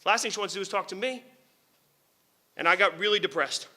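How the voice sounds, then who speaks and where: A middle-aged man from New Jersey, a lawyer and author giving a public talk, telling a story in an animated, candid way, swearing casually and chuckling at his own remarks. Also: high voice, brisk.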